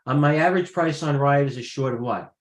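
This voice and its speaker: A man's voice: medium pitch, brisk, roomy sound. A man trading live, talking through his positions in a rambling way, restarting his sentences and thinking aloud. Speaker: trader.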